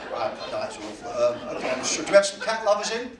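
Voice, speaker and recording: A man's voice: high-pitched, sing-song, fast, a crowd in the background. A man doing a stand-up comedy set, delivering punchlines and acting out quotes. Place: cruise ship cabaret room. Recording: echoey room, distant mic, loud audience noise.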